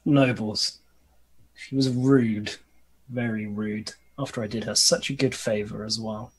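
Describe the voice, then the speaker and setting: A man's voice: fairly low pitch, steady tone, a little slow, slight background noise, low-quality recording. A man playing his character in a tabletop game, speaking politely and courteously. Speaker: player.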